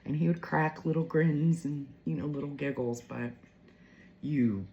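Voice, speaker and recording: A woman's voice: deep voice, moderate pace, background noise. Forties woman vlogging, emotional and rambly, slightly muffled audio. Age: 40s. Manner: heartfelt, emotional, chatty with fillers. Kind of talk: casual storytelling to viewers.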